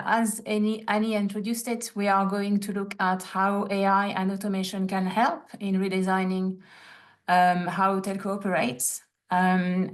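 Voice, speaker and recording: A woman moderating an online industry panel, polite and measured, with frequent fillers. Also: medium pitch.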